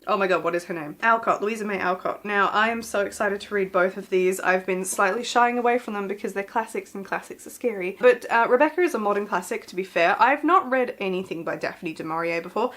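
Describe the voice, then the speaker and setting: A young woman chatting about books she plans to read, excitable and full of fillers and self-corrections. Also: mid-range voice, a little fast, hardly any pauses. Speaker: book vlogger. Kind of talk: casual book chat to camera.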